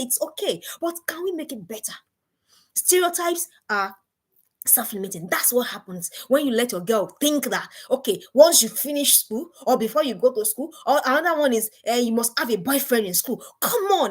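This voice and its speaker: A woman in middle age gives a motivational talk to parents. Her voice sits fairly high and sounds husky. Her pitch rises and falls widely as she presses her points with repeated questions. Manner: emphatic, repeats rhetorical questions. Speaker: parenting speaker.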